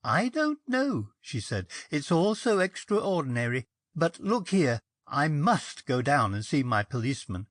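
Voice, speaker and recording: A man reading a story aloud, voicing a bold young woman in a brisk, lightly mocking way. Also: on the high side, very animated, dry recording, clean studio sound. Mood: bemused.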